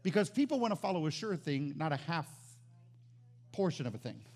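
High-voiced animated preaching man. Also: fairly quick, gravelly. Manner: animated, swings from loud exclamations to quiet emphasis. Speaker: pastor. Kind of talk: sermon.

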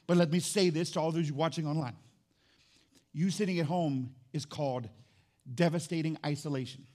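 A male pastor preaching a sermon in a church, impassioned, swinging from low and intimate to loud and fervent. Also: fairly even intonation, moderate pace. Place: church sanctuary.

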